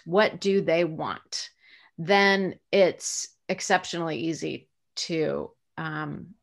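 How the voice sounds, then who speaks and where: A middle-aged American woman with a slightly low voice talks through her career in a relaxed interview. She is chatty and reflective, pausing on "um" and "uh" and restarting her sentences as she thinks. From United States. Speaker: voice actress, interview guest. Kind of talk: casual interview answers.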